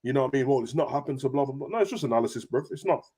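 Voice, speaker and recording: A young man talks football at a rapid clip, full of street slang. His pitch leaps high when he gets worked up, and he rattles the points off quickly. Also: slightly rough. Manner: animated, slangy, rapid banter with big pitch jumps. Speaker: football podcast host. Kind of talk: casual chat.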